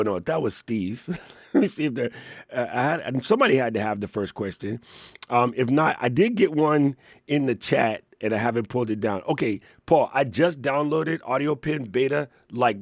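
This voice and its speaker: Playful, animated male stream host. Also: mid-range voice, normal speed, no echo, clean studio sound. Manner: playful, joking, laughs often, reads chat aloud. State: hoarse. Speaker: livestream Q&A host. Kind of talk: casual live-stream chat.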